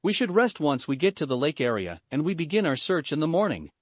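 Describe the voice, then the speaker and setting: Stern young male ninja, read by a man, flat and measured, dry sound. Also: fairly high pitch, dry recording.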